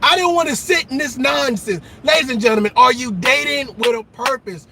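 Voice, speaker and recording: A man delivering a profane comedic rant about dating, laughing and shouting as he goes. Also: very high voice, brisk, gravelly, slight background noise. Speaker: dating commentator.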